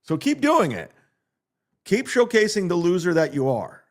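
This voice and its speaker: A man hosting a livestream in a mocking, sarcastic rant. His voice sits somewhat high, and his pitch swings widely as he jeers and reads out viewer donations. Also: huge pitch swings, normal speed. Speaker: livestream host. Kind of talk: ranting livestream commentary.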